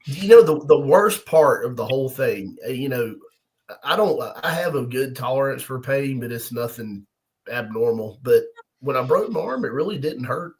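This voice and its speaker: A man's voice: mid-range voice, animated, normal speed, darkish tone, low-quality recording. Laid-back man telling stories with chuckles. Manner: laid-back storyteller with frequent chuckles and restarts. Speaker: guest arm wrestler. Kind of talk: casual podcast chat.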